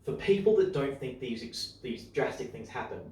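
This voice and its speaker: A man talks casually and with conviction, speeding up and slowing down as his excitement builds. He sits a little away from the mic, and a strong room echo hangs on every word. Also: medium pitch, far from the mic, a little hiss or hum. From Australia. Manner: excitable, opinionated, speeds up and slows down. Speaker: podcast host. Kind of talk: casual chat.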